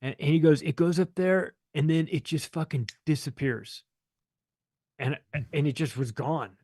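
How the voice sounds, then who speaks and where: This podcast guest has a warm, husky voice on the high side and talks a little slowly. He spins a long, swear-filled story in a casual, rambling way, imitating the people he quotes, and the recording is dry and close with no room sound.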